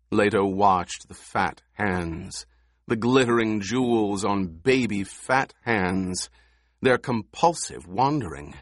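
A man narrating a novel in a measured, expressive audiobook style on a close mic. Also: on the low side, no room sound.

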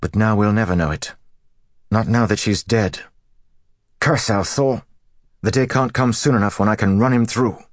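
A man's voice: deep voice, big pitch swings, fairly quick, slightly rough, no echo, studio quality, pitched above the performer's own voice, exaggerated voice. A man voicing a proud, hot-tempered young prince who speaks tensely and defiantly. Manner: tense, defiant, raising his voice.

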